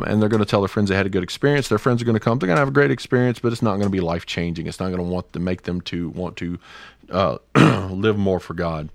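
A middle-aged man co-hosting a podcast, talking passionately in a rambling way with many restarts. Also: deep voice. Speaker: podcast co-host. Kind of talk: casual podcast discussion.

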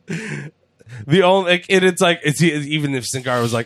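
A man talking casually on a podcast, joking and swearing as he goes. He slips into quick put-on voices when retelling scenes. The sound is dry and close, with no room around it. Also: a little high, a bit bright, dry recording. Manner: profane, jokey, acts out voices. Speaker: podcast host. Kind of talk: casual wrestling chat.

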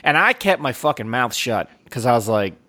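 A man's voice: mid-range voice, moderate pace, dry recording. Male podcast host, rambling comic storyteller, salty language, close dry sound. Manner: animated, profane, rambling. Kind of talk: casual chat, comedic storytelling.

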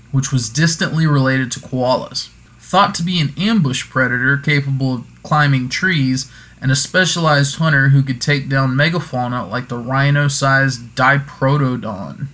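A man at an average pitch talks casually through folklore. He wanders off into little jokey asides and corrects himself along the way. His tone stays loose and conversational. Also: normal speed, fairly bright tone. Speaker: podcast host.

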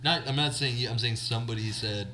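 A young man in casual podcast chat, quick with blunt quips and interjections. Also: mid-range voice, a crowd in the background.

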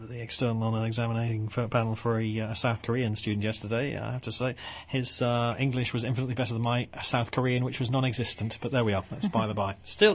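A man hosts a radio chat show in an easy, teasing way. His voice is husky, at a middle pitch. He reads out notices and banters with his guests. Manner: chatty, teasing. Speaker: radio host.

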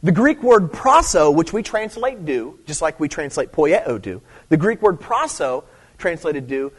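A man preaching a sermon in a casual, conversational way, repeating phrases, checking in with "okay?", and rising to loud emphatic stress. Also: a little high, sing-song, a little slow, slightly rough. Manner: conversational, repeats himself, frequent "okay?" and "see"; rises to loud emphatic stress on key points. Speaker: pastor.

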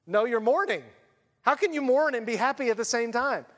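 A man delivering a sermon with a high, light voice. He preaches in a lively, conversational way and drops into quick voiced asides. A long reverb trails after his words in a reverberant church hall. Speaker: pastor.

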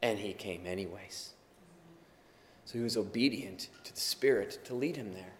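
Tired pastor preaching in a reverberant hall. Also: male voice, lowish voice, normal speed, a little hiss or hum. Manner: earnest, swings from quiet to loud emphasis. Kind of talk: sermon.

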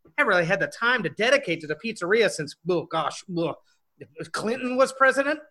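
A man from Puerto Rico talks casually and defensively on a video call. His voice is high and bright, with lively swings. It is improv comedy. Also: fairly quick. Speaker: guest, angel investor.

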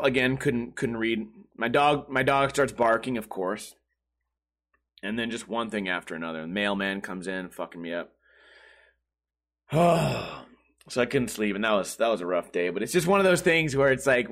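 A man's voice: mid-range voice, animated, normal speed, a bit bright. A man hosting a comedy podcast, telling stories in a profane, ranting monologue. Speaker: podcast host.

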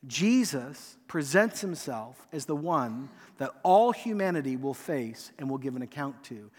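A man preaching a sermon as pastor, acting out quoted lines with emphasis and letting phrase ends fall quiet. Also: mid-range voice, big pitch swings, unhurried. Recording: long hall reverb.

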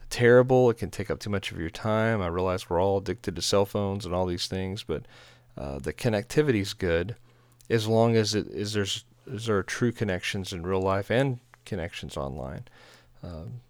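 A man's voice: sits low, animated, moderate pace, hardly any pauses, dry recording. A man from Texas, a pastor, chatting casually and telling rambling, self-deprecating stories. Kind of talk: casual chat.

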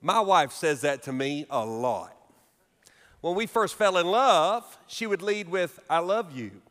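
Man, pastor, sermon, high-pitched, animated storytelling, long church-hall reverb. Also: slow pace. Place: church sanctuary.

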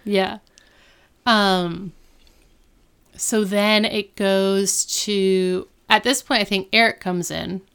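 Chatty young woman with a smooth voice. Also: medium pitch, steady tone, fairly bright tone. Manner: chatty, quick retelling with lots of "like". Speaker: podcast co-host. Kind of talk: casual recap chat.

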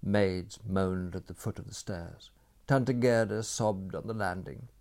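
A man narrating a story in a dry, measured storytelling manner. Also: sits low, fairly even intonation, vocal fry, darkish tone.

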